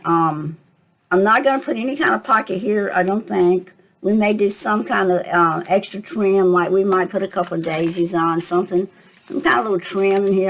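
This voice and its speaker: A woman's voice: medium pitch, slight background noise, rough recording. An older woman, casually talking through a craft tutorial and thinking aloud as she works, with a slight cough. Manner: chatty, thinking aloud with fillers. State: coughing at times.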